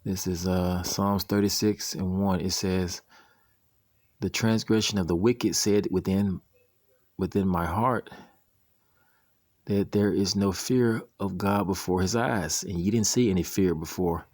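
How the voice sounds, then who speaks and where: A man reading scripture verses slowly and commenting on them, often asking "you see?" as he makes his point. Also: low-pitched, steady tone, a little mellow, dry recording. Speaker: preacher commenting on a video.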